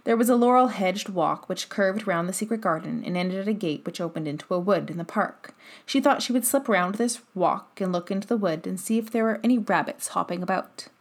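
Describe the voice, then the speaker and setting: A woman narrating a classic children's novel in an even storytelling manner. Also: mid-range voice, fairly quick. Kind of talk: audiobook narration.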